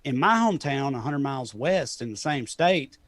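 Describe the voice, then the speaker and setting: A man's voice: medium pitch, animated, moderate pace, fairly bright tone, no echo. Tennessee-accented man, laughing and rambling. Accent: Southern US, Tennessee. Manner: rambling, self-deprecating, laughs often. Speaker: comedian guest. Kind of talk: casual interview chat.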